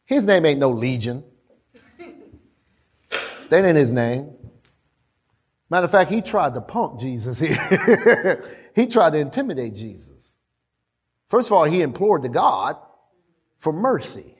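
A man preaching a sermon in an animated, conversational way, with laughing asides. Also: a little high, a little slow, pauses often, slightly rough.

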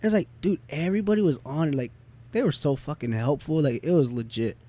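A man's voice: fairly high pitch, big pitch swings, brisk, warm tone. A man co-hosting a casual chat, rambling with lots of filler words and swearing. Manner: rambling, profane, full of "I mean" and "like".

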